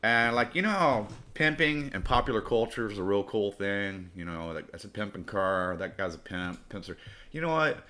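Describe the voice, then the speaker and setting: A man's voice: fairly low pitch, expressive, normal speed, a bit bright. A man telling a rambling, profane personal story as host of his podcast. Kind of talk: casual storytelling.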